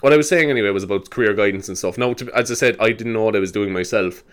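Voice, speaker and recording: A young Irish man in his twenties talking on his own podcast in a loose, wandering way. His voice sits a little low. He swears freely, laughs at his own tangents and fills his talk with "like" and "you know.". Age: 20s. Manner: rambling, sweary, quick to laugh, with many fillers. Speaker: podcast host. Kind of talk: casual rambling monologue.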